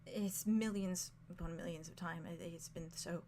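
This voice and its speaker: A man's voice: high-pitched, steady tone, normal speed, very noisy. A woman voicing a broken, trembling haunted man. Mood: anguished. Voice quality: broken, soft voice. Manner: stammering, repeating himself.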